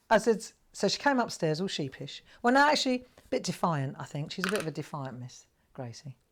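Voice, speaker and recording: A middle-aged woman with a low voice that swings widely up and down as she talks. She rambles happily through a story while she crafts live from home and often breaks into laughter. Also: animated, moderate pace. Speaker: craft show host. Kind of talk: live crafting demonstration with chat.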